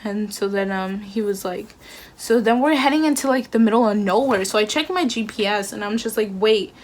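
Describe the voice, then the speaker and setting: A woman's voice: medium pitch, a little fast, darkish tone, slight background noise. Slangy young woman. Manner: slangy, filler-heavy, acts out dialogue. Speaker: vlogger. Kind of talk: casual storytime.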